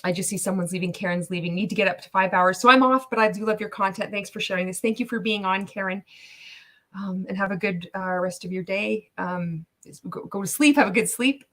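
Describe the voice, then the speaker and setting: A woman's voice: mid-range voice, a little fast, fairly bright tone. A woman hosting a casual live-stream reaction, sarcastic, swearing freely and laughing often as she comments. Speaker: livestream reaction host.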